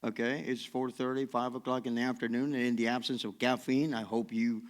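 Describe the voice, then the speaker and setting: A man's voice: mid-range voice, flat delivery, a little fast. A man with a non-native English accent giving a chatty, self-deprecating keynote talk in a conference hall. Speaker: keynote speaker.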